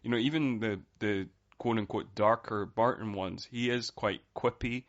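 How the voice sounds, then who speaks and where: Rambling low-voiced male podcast guest. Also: fairly even intonation, moderate pace. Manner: rambling, full of fillers. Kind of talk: casual podcast chat. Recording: dull, lo-fi sound.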